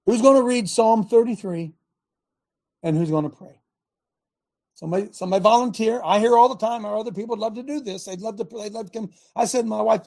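At a men's gathering, a man with a high, husky voice reads from scripture and swings from loud calls of urging to quiet, almost whispered passages. He talks fast.

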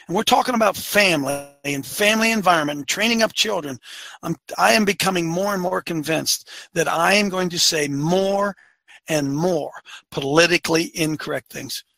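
Fiery high-pitched gravelly man ranting. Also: pushed and bright, no room sound. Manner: fiery, rhetorical, hammering questions; repeats phrases for emphasis. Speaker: commentary show host. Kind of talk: opinionated monologue.

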